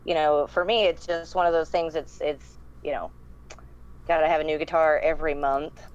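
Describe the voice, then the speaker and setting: A woman who is a podcast guest, chatting casually, relaxed and candid, laughing easily. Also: sits low, moderate pace, highs cut off. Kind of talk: casual chat.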